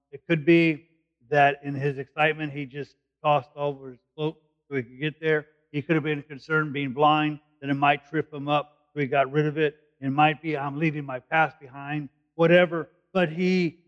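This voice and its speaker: Man teaching scripture, muffled recording. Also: a little high. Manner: conversational, explanatory, thinking aloud. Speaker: preacher. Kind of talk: verse-by-verse Bible teaching.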